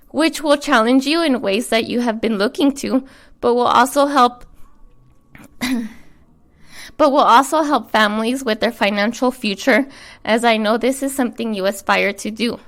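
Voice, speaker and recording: Woman with a slight cold, american accent, somewhat high voice, earnest podcast co-host reading a letter aloud. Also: moderate pace. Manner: earnest, frank, swears casually. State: getting over a cold, short of breath. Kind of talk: reading a personal letter aloud, then casual chat.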